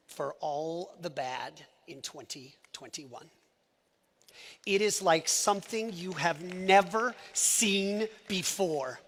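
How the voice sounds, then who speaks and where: A man giving an emotional presentation on stage at a live company event, swinging between shouted lines and hushed asides. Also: high-pitched. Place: event stage before an audience.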